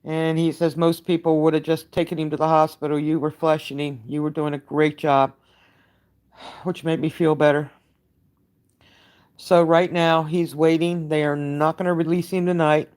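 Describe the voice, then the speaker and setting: An older woman giving a halting, emotionally worn-out live update, greeting her viewers by name and using many fillers. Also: low voice, little pitch movement, a little mellow. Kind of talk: live-stream chat update.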